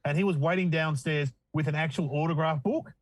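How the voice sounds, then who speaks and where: A man's voice: on the high side, steady tone, brisk, no room sound, poor audio. Wry middle-aged Australian man. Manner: wry, self-deprecating storyteller. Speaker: comedian guest. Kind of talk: casual chat.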